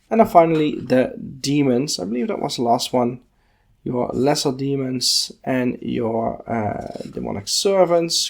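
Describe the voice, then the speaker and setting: Male podcast host, slow and gravelly, thinking aloud through a book. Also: mid-range voice, a little mellow. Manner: unhurried, musing, thinking aloud with fillers. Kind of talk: casual page-by-page book walkthrough.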